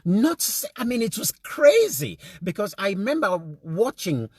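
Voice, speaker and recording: A man's voice: sits high, sing-song, a little slow, a little mellow, slightly rough, no echo, studio quality. A man with a Sierra Leonean accent giving an indignant, impassioned monologue, mixing English with Krio phrasing and repeating words for emphasis. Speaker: speaker addressing fellow men.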